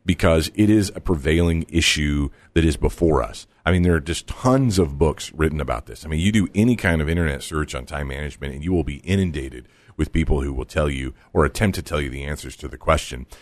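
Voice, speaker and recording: A man's voice: very deep voice, a little fast, hardly any pauses. A man with a Texas accent hosting a radio talk show, talking in an emphatic, conversational way into a studio microphone.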